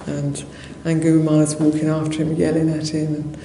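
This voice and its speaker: A Buddhist nun giving a dharma talk in a monastery hall, telling a story conversationally with soft laughs and many fillers. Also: female voice, sits low, completely flat delivery, a little fast, vocal fry. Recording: roomy hall echo, faint noise.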